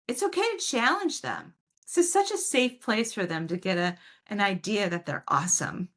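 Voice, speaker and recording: A woman giving a casual talk on a video call, answering parents' questions and telling stories with warm, animated emphasis. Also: on the high side, normal speed. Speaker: parent educator, guest speaker.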